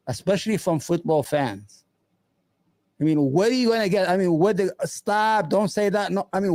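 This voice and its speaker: A man's voice: high-pitched, moderate pace, a little mellow, dry recording. A man commentating on video clips in a scornful, heckling way, speaking English with many fillers. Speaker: YouTube commentator reacting to clips. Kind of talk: mocking reaction commentary.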